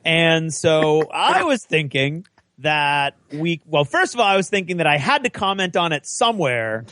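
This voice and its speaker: Lively animated man telling a story. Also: a little high, normal speed, no echo, clean studio sound. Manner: animated, acts out quotes with laughs. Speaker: podcast co-host. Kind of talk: casual storytelling chat.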